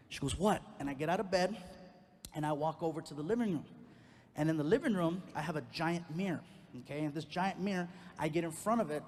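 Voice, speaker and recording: Stand-up comic, male, middle-aged: high, animated delivery with faint room noise behind. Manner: animated, acts out quotes with big pitch jumps. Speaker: stand-up comedian. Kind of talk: stand-up storytelling.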